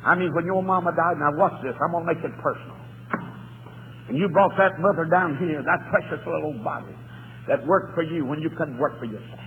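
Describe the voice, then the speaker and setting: A man preaching a fervent revival sermon who swings between quiet talk and shouting and often says "uh" between phrases. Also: a little high, a little fast. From North Carolina. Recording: tinny lo-fi recording with faint hiss.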